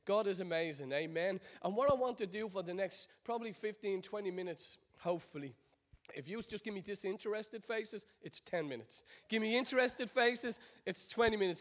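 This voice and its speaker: A man from Ireland with an Irish accent, preaching a sermon in a chatty, joking storytelling way that drops into quiet prayer. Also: high-pitched, animated, brisk. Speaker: pastor.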